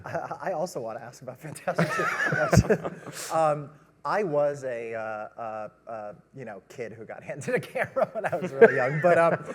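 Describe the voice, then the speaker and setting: A man's voice: on the high side, huge pitch swings, moderate pace, a crowd in the background. Eager man in his thirties on a panel. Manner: eager, lots of fillers and restarts. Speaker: director of photography. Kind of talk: panel conversation. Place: stage at a trade expo. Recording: reverberant expo hall.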